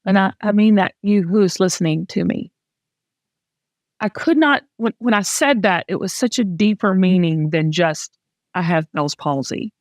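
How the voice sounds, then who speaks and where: A woman's voice: mid-range voice, unhurried, a little mellow, dry recording, studio quality. A middle-aged Southern woman hosting a candid, casual talk, speaking with heartfelt emotion and frequent restarts. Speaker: host.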